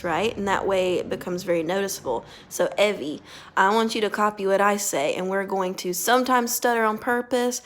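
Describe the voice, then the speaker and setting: A female speech therapist walks a child through a lesson, offering gentle praise. Her voice is medium in pitch, and she speaks slowly and deliberately.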